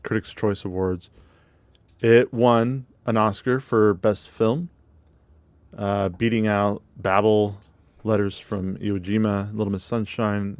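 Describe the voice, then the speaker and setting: A man co-hosting a casual movie podcast, running through award facts in a relaxed way with small fillers. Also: on the low side. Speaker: podcast co-host.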